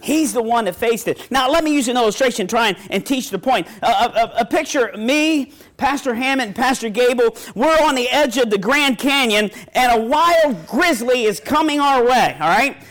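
A man's voice: extremely high pitch, expressive, moderate pace, hardly any pauses, fairly bright tone. A middle-aged male pastor preaching a sermon in a folksy storytelling way, quoting scripture and restarting phrases.

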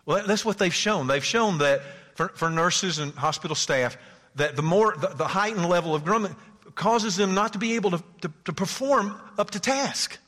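Animated preacher man in a reverberant hall. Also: high-pitched, normal speed. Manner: swings from loud exclamations to hushed asides, laughs often. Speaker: pastor. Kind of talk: sermon.

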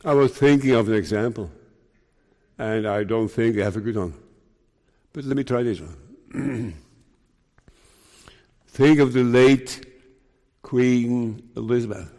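A man preaching a sermon in a slow, emphatic way, raising his pitch to stress his points. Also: darkish tone. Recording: long hall reverb.

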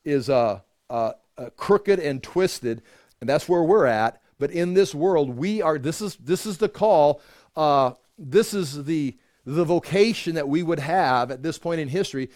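A man's voice: fairly high pitch, expressive, unhurried, a little mellow, no echo, studio quality. Chatty man teaching a Bible study. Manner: conversational, with frequent restarts and chuckles. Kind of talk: informal Bible teaching to a small group.

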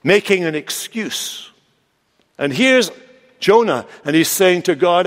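A male pastor preaching a sermon with expressive delivery, slowing down and lifting his voice for quoted lines. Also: high voice. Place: large church sanctuary. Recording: long church reverb.

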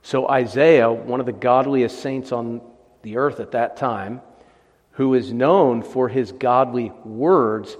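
A man preaching an expository sermon, emphatic and deliberate, setting out measured lists. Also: mid-range voice, a little mellow, big-room sound.

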